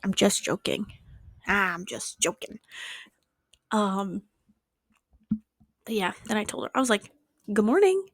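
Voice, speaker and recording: A young woman chats straight to camera from her bedroom, telling a story in a loose, swearing, animated way. She acts out the quotes with sudden high leaps in her voice. Her voice sits mid-range for a woman and the room sounds dead and dry. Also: a little slow, long pauses, no room sound. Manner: animated, swearing, acting out quotes with big pitch jumps. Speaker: vlogger. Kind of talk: casual storytime vlog.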